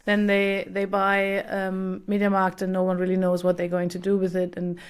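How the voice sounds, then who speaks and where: A woman's voice: mid-range voice, monotone, moderate pace, clean tone. Woman host asking hesitant questions. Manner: thoughtful, hesitant with many fillers. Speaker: podcast host. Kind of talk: conversational interview.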